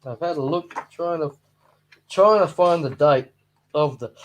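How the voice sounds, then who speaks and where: In a slightly high, slightly slow voice, a fishkeeping channel host rambles jokily while paging through old books, slipping in asides and acting out silly voices. A little hiss or hum runs under the recording.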